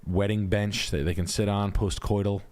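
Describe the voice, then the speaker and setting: Low-voiced man riffing crudely on a live stream. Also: flat delivery, normal speed, darkish tone. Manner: crude, joking, profane riffing. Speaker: realtor reviewing house listings, show host.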